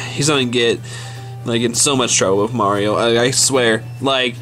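A man's voice: medium pitch, fairly even intonation, a little slow, a bit bright, faint music behind, natural voice, low-quality recording. A man voicing a tired young sidekick who sighs and mumbles, resigned to staying out of trouble. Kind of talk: toy stop-motion fan skit voice.

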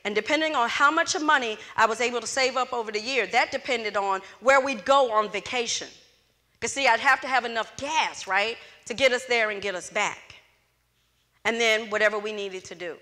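A middle-aged woman gives a motivational talk at a fairly high pitch. Her voice is bright and forceful, and she tells her story with energy. The sound carries a long echo from the hall. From Louisiana, USA. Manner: animated storyteller who acts out dialogue. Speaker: closing speaker at a student event. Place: event hall with student audience. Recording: echoey hall.

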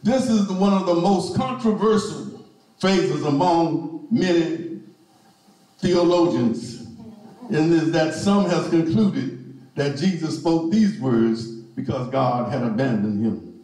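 A man's voice: fairly high pitch, animated, takes it slowly, dark tone, recorded from a distance. Man preaching in an echoey church. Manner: rising to emphatic repeated refrains. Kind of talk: sermon. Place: church sanctuary.

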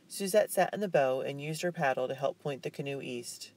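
A male audiobook narrator reading a chapter book at a measured, even pace. His delivery is calm and steady, built for storytelling. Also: mid-range voice.

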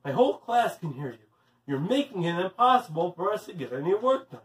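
A man's voice: sits high, big pitch swings, a little fast. A man voicing a stern, firm woman teacher who speaks in clipped tones. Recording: roomy, distant mic.

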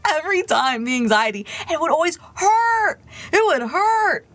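A woman streaming a game, chatting casually to her viewers and telling stories in an animated way. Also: very high-pitched, moderate pace, no echo, raised voice. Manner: chatty, animated storyteller talking to chat. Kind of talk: casual gameplay chat.

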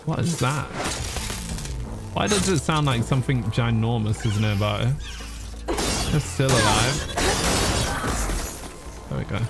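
A man with a mid-range voice talks slowly and pauses often, loud music playing underneath. He's live-streaming a video game, chatting casually with viewers, swearing, laughing, and reading chat aloud as he plays.

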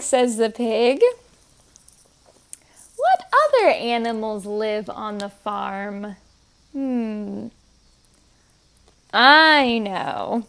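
Woman, young adult, story time leader, sing-song, bouncy lively pitch, high voice. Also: gravelly. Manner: sing-song, coaxing, sounds words out slowly. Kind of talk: teaching toddlers words.

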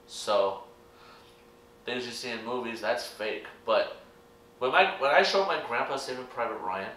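A man's voice: mid-range voice, a bit bright, a little hiss or hum. A young American man giving a rambling, earnest opinion vlog to his channel's viewers. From United States. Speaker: YouTube reaction vlogger. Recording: echoey room, distant mic.

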